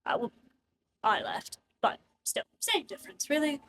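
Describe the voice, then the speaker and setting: A woman's voice: high voice, very animated, normal speed, creaky, fairly bright tone, a little hiss or hum, pitched above the performer's own voice, full character voice. A woman voicing a tipsy young nobleman in a tabletop game, a callous womanizer who talks in an offhand, drawling, dismissive way. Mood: smug.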